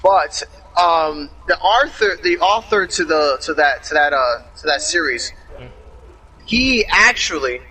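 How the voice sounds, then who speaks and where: A man's voice: a little high, expressive, measured pace, sharp tone, low-quality recording. A young man chatting casually while gaming online, retelling a story in a rambling, profane way and often restarting his sentences. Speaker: gamer in an online racing session. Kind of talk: casual chat over game audio, retelling a story.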